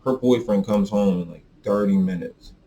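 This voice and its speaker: A man hosting a podcast, telling a story in a casual, profane, animated rant. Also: normal speed. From American South. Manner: animated, profane, swings into high exaggerated quoted voices. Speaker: podcast host.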